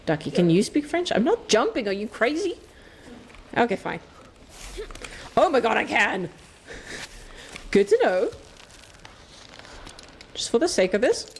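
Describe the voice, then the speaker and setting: A woman's voice: a little high, very animated, a little slow, long pauses, a little hiss or hum. A woman streaming a game, chatting away casually, playful, laughing often and swearing freely. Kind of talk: casual live-stream chat while playing.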